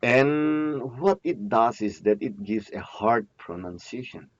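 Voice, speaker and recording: A man's voice: mid-range voice, slow pace, no room sound. Guy teaching grammar, repeats himself a lot, asks then answers, muffled lo-fi sound. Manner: repeats key terms, asks and answers his own questions. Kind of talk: classroom lecture. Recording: dull lo-fi recording.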